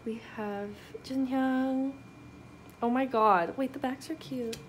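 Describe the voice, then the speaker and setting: A young woman chatting through a casual unboxing vlog in her apartment. She talks in a bubbly, excitable way and laughs often. Faint noise hums in the background. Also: high-pitched, slow. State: out of breath. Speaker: vlogger.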